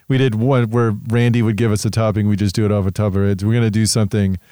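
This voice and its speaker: Dude rambling through a story on a podcast, clear smooth voice, super dry sound. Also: male voice, lowish voice, little pitch movement, quick pace, dark tone, dry recording. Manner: rambling storyteller, lots of fillers and restarts, swears. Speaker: podcast co-host. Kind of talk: casual podcast chat.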